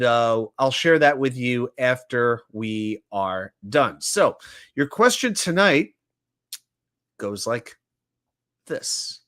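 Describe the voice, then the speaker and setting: A man hosting a casual sports talk livestream, running trivia and reading viewer comments aloud with a joking manner. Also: on the high side. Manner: animated, reads viewer chat aloud and jokes. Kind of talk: casual live-stream chat running trivia.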